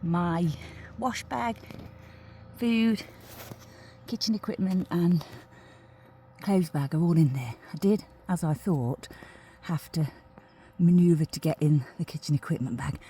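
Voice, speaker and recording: A woman's voice: fairly low pitch, takes it slowly, long pauses, warm tone. A middle-aged woman from the UK vlogging about packing her campervan, chatting along and cooing at her dogs in a sing-song voice. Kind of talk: casual vlog narration. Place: beside her campervan, outdoors.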